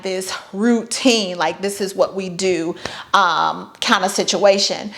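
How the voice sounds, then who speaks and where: A woman's voice: medium pitch, a bit bright. A woman in her thirties talking casually to her viewers as a vlogger, chatty and playful with sarcastic asides. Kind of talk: casual talk to camera.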